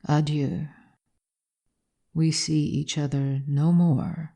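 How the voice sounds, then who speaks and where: A woman reading the lines of a cold, commanding male sorcerer in a gothic storybook, in slow and solemn archaic speech. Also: deep voice, fairly even intonation, mellow.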